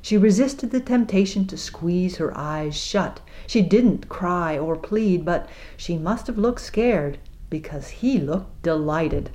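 A woman reading an audiobook aloud in a measured, expressive way. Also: low voice. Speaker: narrator. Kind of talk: audiobook narration.

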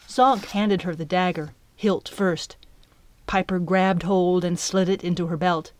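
A woman giving a scripted audiobook narration of a story, in an even, measured way. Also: on the low side, dry recording.

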